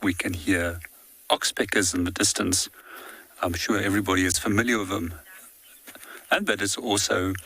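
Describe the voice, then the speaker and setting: A man guiding a walking safari outdoors, giving calm, explanatory live commentary. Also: low voice, rough recording. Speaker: safari guide. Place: outdoors in the bush on foot.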